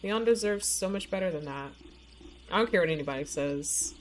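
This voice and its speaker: Animated and a little fast, this woman streamer talks in a lowish voice over slight background noise. Her casual game chat is full of "like" and "you know," with a mild slur from a bitten tongue.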